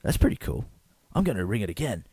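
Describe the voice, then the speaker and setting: A man's voice: lowish voice, very animated, quick pace, dark tone, husky, dry recording. A man hosting an improvised comedy sketch, with blokey banter and frequent stammering. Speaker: comedic host.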